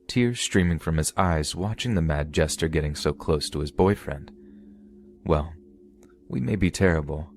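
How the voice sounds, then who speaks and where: A man reading a creepy first-person story aloud in a steady storytelling delivery. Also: very deep voice, a little hiss or hum. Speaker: story narrator.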